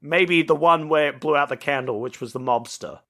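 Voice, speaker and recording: A podcast co-host reviews an old film in casual chat, rambling along with lots of fillers and swearing. His voice is a little high and fairly bright in tone, at normal speed.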